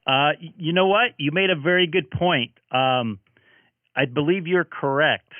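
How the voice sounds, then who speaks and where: A man's voice: fairly high pitch, a little slow, no room sound. A man hosting a ham radio chat, friendly and talkative, signing off with his call sign. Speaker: ham radio operator and stream host. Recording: tinny radio transmission.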